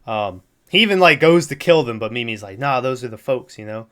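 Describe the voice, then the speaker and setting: Podcast co-host, male, smooth clear voice, rambling casual movie recap with frequent laughs. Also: medium pitch, animated, a little fast, fairly bright tone. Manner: rambling, laughs often, acts out quotes.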